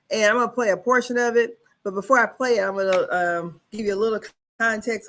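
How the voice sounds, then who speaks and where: A woman with a medium-pitched, fairly bright voice hosts a casual gossip channel, recapping reality-show drama. She rambles and hesitates, with lots of fillers and restarts.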